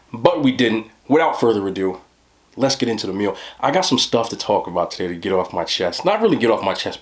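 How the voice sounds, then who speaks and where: A young man chatting casually to camera as a mukbang vlogger, laid-back and talking between bites with his mouth full. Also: medium pitch. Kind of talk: casual talk to camera while eating.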